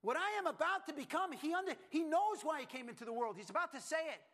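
A pastor preaching a sermon, emphatic and repetitive, swinging from hushed lines to loud ones. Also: male voice, very high-pitched, expressive, fast talker.

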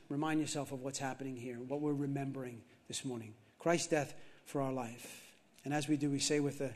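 A male pastor with a fairly high-pitched voice preaches a sermon, shifting between loud, emphatic scripture reading and quiet, slow reflection, frequently repeating key phrases.

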